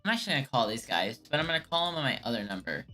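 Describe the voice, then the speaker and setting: Low bright-toned woman just chilling on stream, answering chat, kinda whiny, music faint in back. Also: big pitch swings, very fast. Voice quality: calls her own voice whiny. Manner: rambling, answers chat questions, laid-back. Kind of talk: casual live-stream chat.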